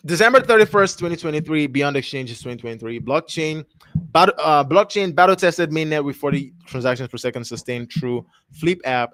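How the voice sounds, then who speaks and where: Medium-pitched and fairly bright, this young man's voice comes through at studio quality without any room sound. Hosting a crypto livestream, he reviews his screen casually, wandering and self-correcting, and trips over web text as he reads it aloud, backing up to restart.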